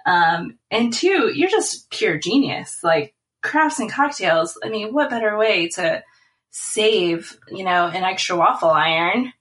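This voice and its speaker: A woman's voice: medium pitch, expressive, slow, a bit bright, rough recording. A woman guest talking casually, enthusiastic and effusive, often filling with "like" and "um". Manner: enthusiastic and effusive, lots of fillers like "like" and "um". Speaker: guest, small business owner. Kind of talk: casual chat.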